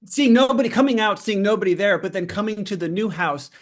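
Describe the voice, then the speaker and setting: A middle-aged man with a fairly high voice tells his own life story as a podcast guest. He talks fast and with energy, breaking off his sentences and packing them with fillers. It sounds like candid, unscripted conversation. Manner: fast, animated, self-interrupting with many fillers.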